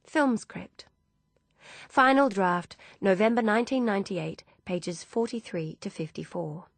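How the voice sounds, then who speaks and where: Her voice is mid-range as she reads an audiobook in scripted narration, keeping a steady, measured storytelling pace. The recording is dry.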